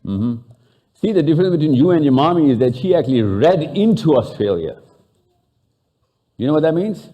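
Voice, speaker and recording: A man's voice: a little high, expressive, a little fast, long pauses, dull audio. A man from Pakistan with a Pakistani accent, giving a live talk to an audience and bantering with them, switching into Urdu and Hindi. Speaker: speaker.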